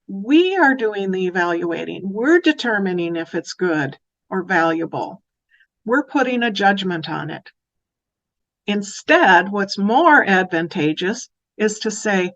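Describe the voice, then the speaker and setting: Female educator, lesson delivery, mid pitch, slightly dull lo-fi recording. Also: slow pace. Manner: warm, animated when acting out phrases to children. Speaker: early childhood educator. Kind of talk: educational talk.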